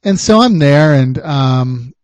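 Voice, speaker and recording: A man hosting a podcast, a private investigator telling a story in a chatty, animated way. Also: mid-range voice, slow, no room sound. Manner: animated, chatty, laughs often.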